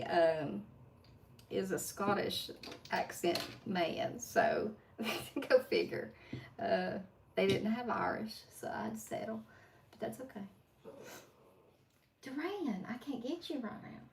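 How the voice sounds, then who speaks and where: A woman with a strong Appalachian drawl chats with her livestream viewers while working on nail art at her home desk. Her voice has a gravelly fry and a chatty, laughing manner. The mic sits some distance away, with a faint hiss underneath. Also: medium pitch, animated, slow pace, long pauses. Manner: chatty, laughing asides, talks to viewers while doing nails. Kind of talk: casual chat while working.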